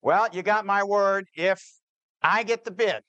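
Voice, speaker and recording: A man's voice: high voice, a little slow, a bit bright, dry recording, highs cut off, pitched above the performer's own voice. A man voicing an earnest, hopeful builder in his story, pleading under pressure.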